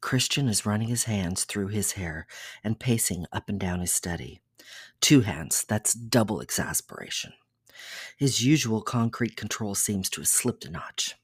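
Soft-spoken storyteller reading erotica. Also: low voice, lively intonation, measured pace, husky, no echo, studio quality. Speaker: podcast storyteller.

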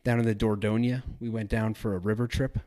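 Rambling low-voiced podcast man. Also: little pitch movement, brisk, warm tone. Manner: rambling, self-correcting, chatty. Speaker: travel podcast host. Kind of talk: casual solo podcast talk.

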